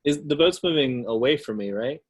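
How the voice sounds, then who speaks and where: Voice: medium pitch, lively intonation, fairly quick, husky. A cheerful, chatty player in a tabletop game, describing their turn.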